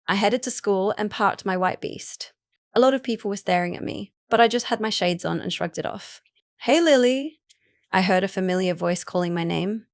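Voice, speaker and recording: A woman's voice: mid-range voice, no room sound. A woman narrating a first-person story in a casual, chatty way with asides to the listener.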